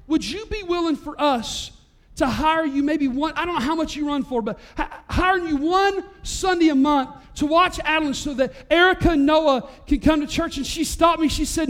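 A man, preaching a sermon as pastor and telling a story in an animated way, his voice rising to near-shouts at the high points. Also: moderate pace, hardly any pauses. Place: church sanctuary.

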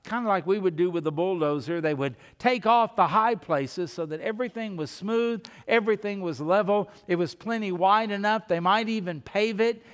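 A man's voice: high voice, normal speed, hardly any pauses, big-room sound. A man preaching a sermon as pastor, telling stories in a folksy, conversational way. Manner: folksy storytelling with asides.

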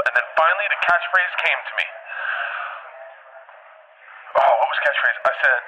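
A man leaves a casual voicemail and rambles through a story with plenty of swearing. His voice has a very bright, sharp edge. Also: a little high, normal speed, pauses often, slight background noise, rough recording. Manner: rambling, profane, animated storytelling. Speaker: voicemail caller.

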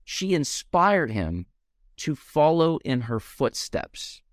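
A man's voice: a little high, takes it slowly, dry recording, clean studio sound. Passionate young male podcast host. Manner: passionate, heartfelt, animated. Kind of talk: podcast interview.

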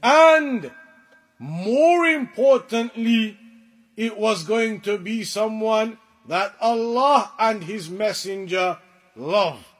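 A man giving a religious lecture to a class, explaining points deliberately and with emphasis. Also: high-pitched, fairly bright tone, faint music behind. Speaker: religious teacher.

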